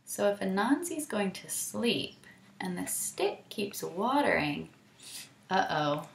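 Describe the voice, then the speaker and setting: Slow, lively teacher reading a storybook. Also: female voice, mid-range voice, creaky, slight background noise. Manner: animated, asks the listener questions. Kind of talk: reading a picture book aloud to children. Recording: roomy echo.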